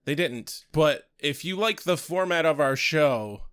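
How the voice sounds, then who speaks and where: A man's voice: on the high side, expressive, unhurried, fairly bright tone, clear, resonant tone, dry recording, clean studio sound. Easygoing male podcast co-host. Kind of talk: casual chat.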